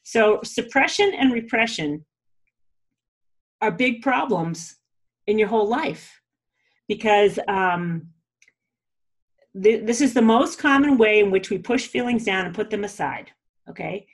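A woman's voice: mid-range voice, animated, unhurried, pauses often. A woman in a casual spiritual teaching talk, chatty, often laughing and saying "you know" and "like".

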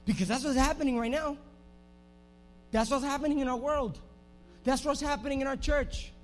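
A young male pastor with a very high voice preaches a sermon in a church. He swings from quiet, confiding talk to full shouts, acting out little scenes as he goes. Soft music plays underneath. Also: normal speed. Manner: animated, swings from hushed to shouting, acts out scenes.

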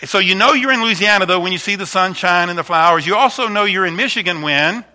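A man's voice: high voice, fast. A man in his fifties, a pastor chatting through a slideshow of stories before his sermon. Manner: chatty, warm storytelling with frequent restarts.

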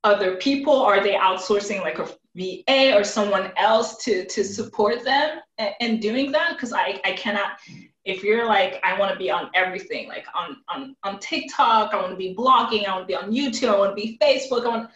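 A woman's voice: mid-range voice, a little fast. Laughing woman guest, echoey, dull sound. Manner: laughs often, animated. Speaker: podcast guest, content strategist. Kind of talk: casual interview chat. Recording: roomy, slightly dull sound.

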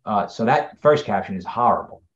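A man's voice: fairly low pitch, animated, a little fast. Emphatic man on slightly dull audio. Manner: emphatic, critical. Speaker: podcast co-host. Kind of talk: casual chat.

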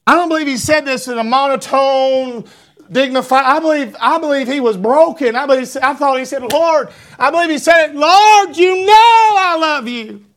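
A man's voice: very high voice, a little fast. A man preaching a sermon, quoting King James scripture and building to fervent cries. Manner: animated preaching, reading scripture in King James wording, rising to shouts.

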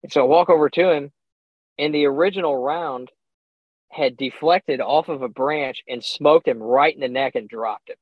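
A young man, a podcast guest, telling a hunting story in a casual, animated way, acting out his own reactions and chuckling often. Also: mid-range voice, moderate pace, no room sound. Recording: slightly dull, dry sound.

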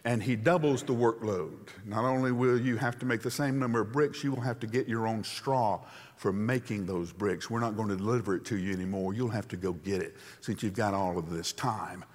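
A man preaching a sermon in a conversational, animated storytelling way. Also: fairly low pitch, fairly quick. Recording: long hall reverb.

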